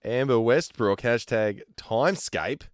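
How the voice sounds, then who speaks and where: Male co-host, mid voice, relaxed banter, dead-dry mic. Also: mid-range voice, unhurried, dry recording. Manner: laid-back, easygoing, laughs. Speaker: podcast co-host. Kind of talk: casual podcast chat.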